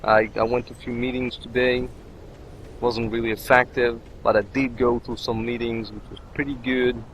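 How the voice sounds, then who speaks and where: A man's voice: mid-range voice, little pitch movement, moderate pace, fairly bright tone, lo-fi sound, a little hiss or hum. A man who is not a native English speaker, rambling and joking as he comments on his gameplay. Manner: rambling, jokey, talks to himself. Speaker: let's play commentator.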